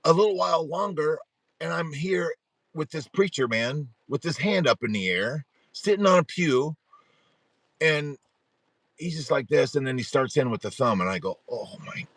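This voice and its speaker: Animated, rambling middle-aged man. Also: a little high, moderate pace, no echo. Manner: animated, rambling storyteller who restarts sentences and laughs at himself. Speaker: host of a support group livestream. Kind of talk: casual storytelling on a livestream.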